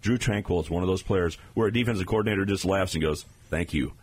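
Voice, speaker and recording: A man's voice: sits low, quick pace, husky. A man talking as a guest analyst on a sports radio show, explaining plays in an emphatic way.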